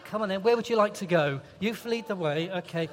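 Man, high voice, playful preacher, coaxing, long church-hall reverb. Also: slight background noise. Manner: playful, coaxing, reads scripture slowly. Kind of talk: interactive children's talk with Bible reading.

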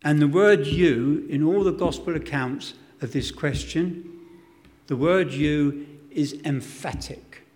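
A man's voice: a little high, slow, a little mellow. A man preaching a sermon, dramatic and emphatic, acting out quotes, with self-deprecating humour. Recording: long hall reverb.

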